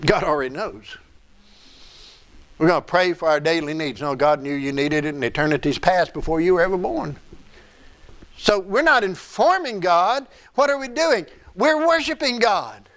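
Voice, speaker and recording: High-voiced preaching man. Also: expressive, moderate pace, fairly bright tone. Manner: conversational preaching, rises and drops in pitch for emphasis. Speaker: pastor. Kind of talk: sermon.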